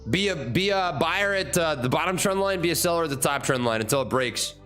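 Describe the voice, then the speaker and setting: A man's voice: a little high, expressive, a little fast, a bit bright. A man hosting a live stock trading stream, talking casually through charts with repeats and fillers, faint music behind. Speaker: livestream stock trading host.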